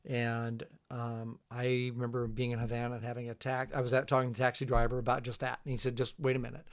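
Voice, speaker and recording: A middle-aged man, a trip leader, telling travel stories in a relaxed, casual podcast chat, trailing off quietly. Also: medium pitch, fast, clear, resonant tone. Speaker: guest, fishing trip leader.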